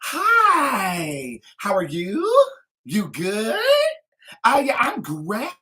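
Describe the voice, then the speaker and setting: A woman's voice: medium pitch, wildly swooping pitch, moderate pace, a little mellow, voice pushed up. A woman putting on a bubbly Valley girl voice, with an upward lift at the end of every phrase. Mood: chirpy. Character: bubbly upbeat Valley girl woman, chirpy small talk.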